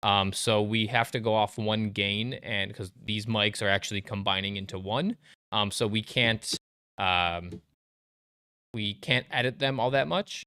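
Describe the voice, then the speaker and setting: A man with a loud, deep voice chats casually as a livestream co-host. He jokes and runs down his own sound, with lots of fillers. The tone is smooth and resonant, and the sound is dry and close. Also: steady tone, measured pace, no echo. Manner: jokey, filler-heavy, self-deprecating.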